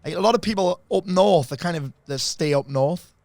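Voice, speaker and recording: A man hosts a podcast in loose, joking banter, swearing as he goes. He talks very fast in a slightly raised voice. The sound is close and dry, with no room around it. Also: high-pitched, darkish tone, dry recording. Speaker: podcast host. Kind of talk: casual banter.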